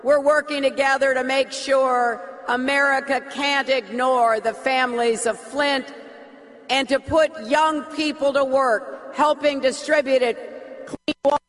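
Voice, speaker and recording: A woman politician giving a campaign speech, slow, emphatic and repetitive. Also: high voice, steady tone, fairly bright tone. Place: large hall. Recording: reverberant hall.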